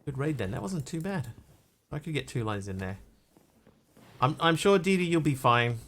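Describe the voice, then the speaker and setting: A man from New Zealand with a New Zealand accent tinged with Australian, chatting casually while he streams a game and reads chat aloud, in a halting, rambling way. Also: on the high side, very animated, a bit bright, a little hiss or hum. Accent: New Zealand, with some Australian.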